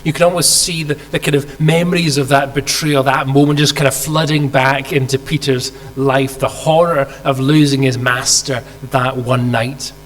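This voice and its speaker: A man's voice: medium pitch, fairly even intonation, moderate pace, hardly any pauses. A man preaching a sermon, telling a story vividly and asking rhetorical questions, acting out quoted lines. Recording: hall reverb with faint mains hum.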